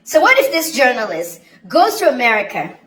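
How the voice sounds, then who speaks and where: A woman's voice: a little high, sing-song, normal speed, fairly bright tone. A woman giving opinionated, indignant commentary straight to camera in a chatty way. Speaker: journalist and commentator. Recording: echoey room with faint ambience.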